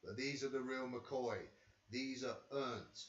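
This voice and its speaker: A tired man hosts a rambling, excitable boxing watch-along from his front room, talking into a camera and swearing casually. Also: medium pitch, slow pace. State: tired after a sleepless night. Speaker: boxing channel host. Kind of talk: live fight watch-along commentary. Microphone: camera he talks into. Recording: echoey room, far from the mic, dull sound.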